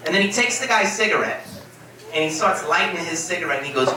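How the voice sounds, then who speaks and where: A man giving a eulogy for his best friend, telling stories in a casual, animated way with laughs and swearing. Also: high-pitched, fast talker. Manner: animated, laughing storyteller who swears freely. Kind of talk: memorial speech, casual storytelling. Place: room at a memorial gathering. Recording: echoey room, distant mic, crowd.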